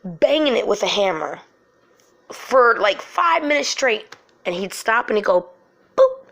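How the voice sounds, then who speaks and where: A middle-aged woman hosting a show, telling a true frightening story from her life in an animated, emotional way full of fillers. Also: mid-range voice, unhurried, vocal fry. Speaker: host. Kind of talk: personal storytelling.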